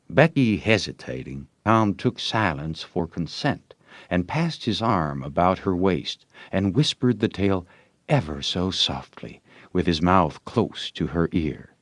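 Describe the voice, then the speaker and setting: A man narrating an audiobook in an animated storytelling manner. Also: sits low, a little slow, dry recording.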